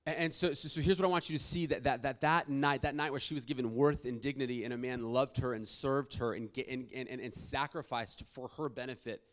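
A man's voice: medium pitch, fairly even intonation, fairly quick, hardly any pauses. A man preaching, telling a long story with many restarts and fillers. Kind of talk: sermon storytelling.

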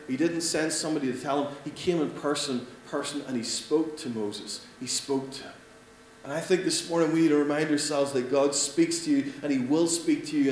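Man preaching in an echoey hall. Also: mid-range voice. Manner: animated, swings between loud emphasis and soft hushed lines. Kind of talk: sermon. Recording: echoey room with faint hum.

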